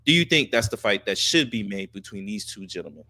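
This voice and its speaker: A man's voice: lowish voice, lively intonation, a little fast, crowd noise. A man co-hosting a podcast, chatting casually about sports in a blunt, profane way and repeating himself for emphasis. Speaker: podcast co-host.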